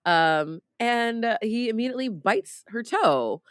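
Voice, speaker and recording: A woman's voice: fairly high pitch, lively intonation, a little slow, smooth, no room sound. Chatty woman recapping a movie, dry sound. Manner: chatty retelling, frequent "like" fillers. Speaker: podcast co-host. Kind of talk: casual movie recap chat.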